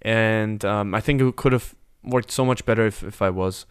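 Smooth-voiced young man, candid and reflective. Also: lowish voice, moderate pace, dry recording, clean studio sound. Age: 20s. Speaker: podcast host. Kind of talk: casual chat.

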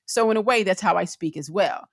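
A middle-aged woman co-hosting a podcast in casual conversation, expressive, with her voice rising when she gets excited. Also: mid-range voice, a little fast, gravelly, no echo, clean studio sound. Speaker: podcast co-host.

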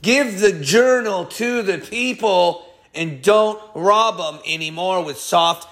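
A man preaching a fiery sermon as a pastor, upset and scolding, with heated, emphatic delivery and sudden swings of loudness. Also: high-pitched, slow.

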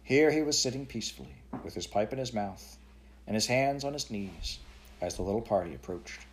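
A man narrating a children's classic aloud in a steady, plain storytelling manner. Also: fairly low pitch, a little fast, a little hiss or hum. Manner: steady, plain storytelling with a few self-corrections. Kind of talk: audiobook reading of a children's classic.

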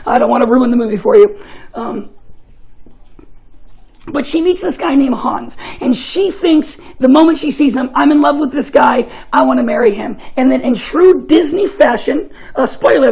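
A man's voice: extremely high pitch, darkish tone, slightly rough, rough recording. A young man giving a casual, joking sermon, telling chatty stories and often laughing. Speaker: preacher.

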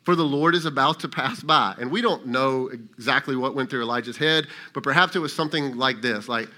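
A man's voice: mid-range voice, brisk, bright, forceful tone. A male lead pastor preaching a sermon in a casual, conversational way, sometimes acting out voices of God and Elijah.

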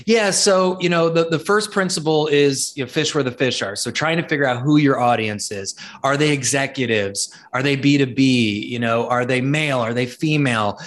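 Man, guest author, animated storyteller, stumbles and repeats words, casual interview. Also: mid-range voice, normal speed, hardly any pauses. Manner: animated, repeats words when starting sentences.

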